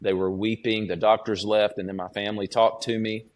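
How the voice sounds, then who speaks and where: A man, a student pastor, giving an earnest personal testimony as a podcast guest, in a halting, restarting way. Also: fairly low pitch, level tone.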